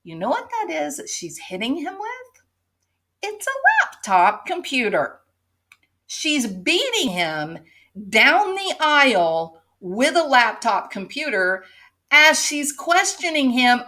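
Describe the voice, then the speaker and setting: A woman's voice: high voice, big pitch swings, slow pace, sharp tone. A woman hosting an opinion commentary, sarcastic and pointed, driving her case with rhetorical "right?" questions. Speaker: commentary show host.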